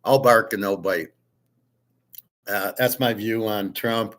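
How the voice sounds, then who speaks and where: A man with a lowish, fairly bright voice speaks slowly while hosting his own show. His unscripted monologue is casual, rambling, opinionated and blunt, with occasional swearing.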